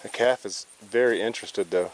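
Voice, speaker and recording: A man's voice: lowish voice, normal speed. A man ranting bluntly and profanely in a casual vlog, recorded outdoors in a rural yard. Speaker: vlogger.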